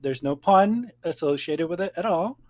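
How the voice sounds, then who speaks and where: A man's voice: fairly high pitch, expressive, darkish tone, no echo. Jokey man with a dry close voice. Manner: jokey, quick, laughs a lot. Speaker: co-host. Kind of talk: casual let's-play chat.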